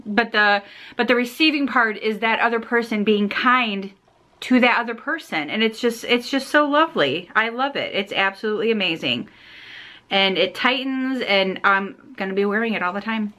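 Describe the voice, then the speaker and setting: A woman talks through her fan mail in a loose, rambling vlog chat. Her voice is bright and ringing and sits a little high. She gushes with excitement and fills her sentences with ums and likes. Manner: gushing, excited, rambling with fillers. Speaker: vlogger.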